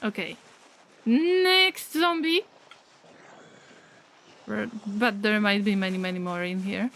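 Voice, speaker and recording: A woman's voice: medium pitch, slow, background noise. A woman streaming a survival game in casual chat, reacting aloud, laughing often and mooing at the cows. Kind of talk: casual live-stream commentary.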